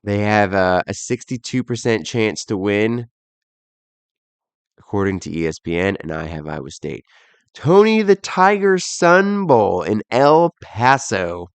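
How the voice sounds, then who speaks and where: Speaking with a fairly low, clear and resonant voice, a young podcast host runs through bowl predictions on his own, tossing out odds and picks casually while poking fun at himself. There's no room sound at all.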